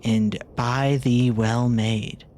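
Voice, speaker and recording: A man's voice: mid-range voice, steady tone, extremely slow, a little mellow, pitched below the performer's own voice. A man voicing an old-timey man who speaks in stiff, pompous, archaic English in a game.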